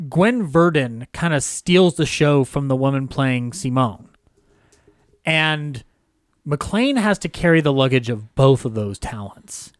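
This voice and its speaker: On a studio-quality recording with no room sound, a man with a fairly high voice co-hosts a podcast about film history. He keeps it casual and jokey, laughs a lot, and throws in silly impressions.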